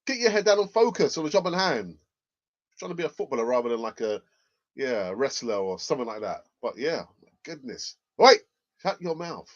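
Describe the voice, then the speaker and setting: A young man hosting casual football news commentary, animated and laughing often as he reacts. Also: mid-range voice, a little fast. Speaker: football channel host. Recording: dull lo-fi audio.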